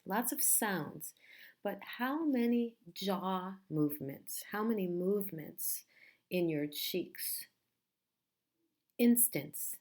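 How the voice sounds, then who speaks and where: Slow, patient woman teaching pronunciation. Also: mid-range voice, darkish tone. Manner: slow, patient, repeats words carefully. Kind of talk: pronunciation lesson.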